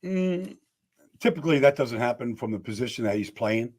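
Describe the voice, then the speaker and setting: A man's voice: medium pitch, lively intonation, moderate pace, a little mellow. Thoughtful male football analyst. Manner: thoughtful, repeats words when starting a thought. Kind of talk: interview answers.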